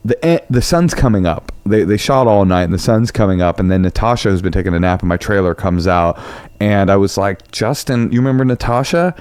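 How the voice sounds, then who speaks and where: A man's voice: lowish voice, brisk, darkish tone, clear, resonant tone, dry recording. A male comedian telling a long story in casual podcast chat, acting out quotes in other voices.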